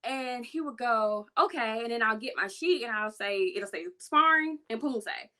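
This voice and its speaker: Animated storytelling woman, bright voice. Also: moderate pace. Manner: animated, acts out quotes with big pitch jumps. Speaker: self-defense business owner, guest. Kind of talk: casual storytelling chat.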